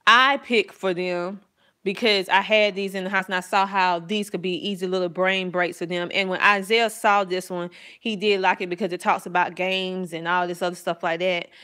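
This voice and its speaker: A middle-aged woman, a homeschooling mom, chatting casually and enthusiastically about her family's math books, rambling a little and laughing softly. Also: fairly low pitch. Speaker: homeschooling mom reviewing curriculum. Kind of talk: casual chat to camera.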